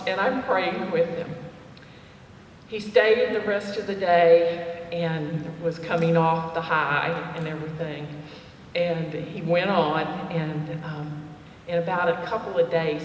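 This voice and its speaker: A woman gives a slow, unhurried testimony to a gathering of women, pausing on fillers as she tells her story. Her voice carries from a distance through a long, echoing hall. A faint hum of noise sits underneath. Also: fairly low pitch, highs cut off. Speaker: cafe owner speaking at a women's dinner. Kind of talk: personal testimony talk. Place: church fellowship hall. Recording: echoey hall, voice from far off.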